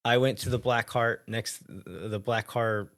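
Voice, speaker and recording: A man co-hosts a soccer podcast in casual, easygoing chat. His voice sits a little low. He thinks out loud, wandering into loose asides. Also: measured pace.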